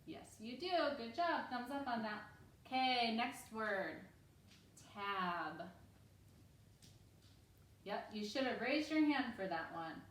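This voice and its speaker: A woman teaching a reading lesson to young children at home, upbeat and encouraging, speaking slowly and clearly. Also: a little high, expressive, reverberant, recorded from a distance, low-quality recording.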